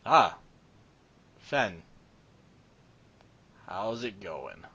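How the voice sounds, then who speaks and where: A man's voice: lowish voice, sing-song, drawn-out words, sharp tone, highs cut off, heavily acted. A man voicing a weary middle-aged male constable with a drawling, fatherly manner. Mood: wary.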